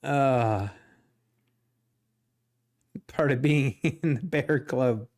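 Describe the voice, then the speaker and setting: A man's voice: medium pitch, extremely slow, darkish tone. A man hosting a day-trading livestream, chatting casually with his viewers, laughing often as he tells stories and comments on the market. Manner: chatty, laughs often, addresses chat directly.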